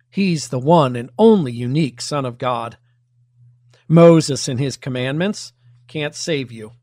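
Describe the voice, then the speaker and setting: A man preaching a sermon, measured and emphatic, with pointed rhetorical questions. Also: medium pitch, darkish tone, no room sound, studio quality. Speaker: pastor.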